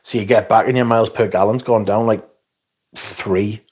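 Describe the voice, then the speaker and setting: A man hosts a casual livestream reviewing fragrances, reading out viewer comments and rambling through crude, profane jokes with frequent restarts. His voice is lowish, husky and a little mellow, with a steady tone at normal speed.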